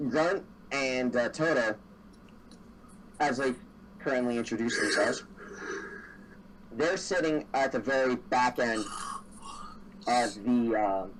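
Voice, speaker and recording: A man's voice: mid-range voice, recorded from a distance, slight background noise, poor audio. A man narrating a tabletop game as dungeon master, rambling through his description with many fillers.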